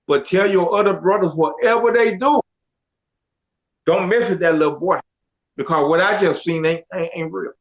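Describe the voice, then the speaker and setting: Middle-aged man, high voice, animated storyteller who acts out the dialogue, dull lo-fi audio. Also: normal speed. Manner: animated, quotes others in dialogue. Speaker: guest telling his life story. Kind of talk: casual storytelling.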